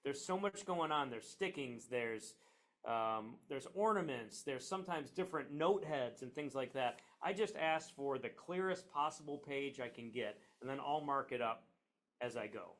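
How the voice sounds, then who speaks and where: A middle-aged man teaching a percussion class in a relaxed, chatty way, with frequent fillers and "okay?" checks. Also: mid-range voice, moderate pace. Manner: relaxed, chatty, with many fillers and tag questions. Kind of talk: classroom lesson. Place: classroom near a train line.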